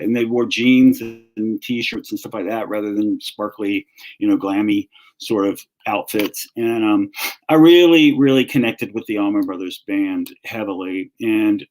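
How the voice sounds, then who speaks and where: A man's voice: mid-range voice, a little mellow, poor audio. A man in his fifties or older with a Southern American accent, a guest author telling his story in a casual, rambling interview with many restarts. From North Carolina.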